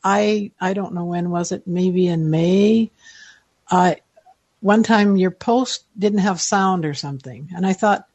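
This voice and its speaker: A woman's voice: on the low side, slow pace, a little mellow, dry recording. A woman in her seventies, a guest telling long rambling stories in casual interview chat, chatty and self-deprecating. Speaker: listener guest.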